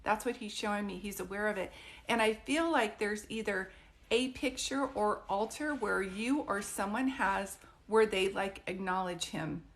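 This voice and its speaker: A woman's voice: mid-range voice, a little slow. Woman giving a live-stream psychic reading. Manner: warm, reassuring, frequently checks in with "do you know what I mean?".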